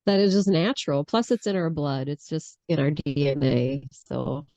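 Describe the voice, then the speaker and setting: A woman with a slight Southern accent co-hosting a casual talk show, rambling and animated, laughing often. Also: low-pitched, moderate pace, dry recording. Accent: Southern US tinge, Michigan. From Michigan. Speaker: podcast co-host. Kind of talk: casual chat. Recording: dull lo-fi sound.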